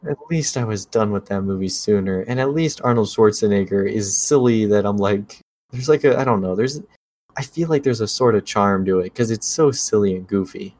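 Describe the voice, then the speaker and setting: A man's voice: on the low side, moderate pace, darkish tone, no room sound. A young man chatting casually about movies, ranting and sarcastic.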